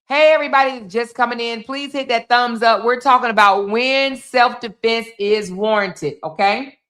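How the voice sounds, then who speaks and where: A woman's voice: a little high, measured pace, fairly bright tone. A woman hosting a livestream, chatting with her viewers while she comments on a video. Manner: chatty, talks straight to viewers. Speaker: livestream host.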